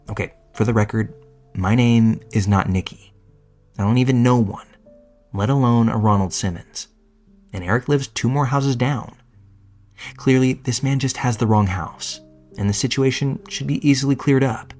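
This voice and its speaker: Faint music plays behind a man reading a first-person horror story from a script. His mid-range, darkish voice keeps a normal speed, and he narrates in a loose, casual way, cursing as he goes.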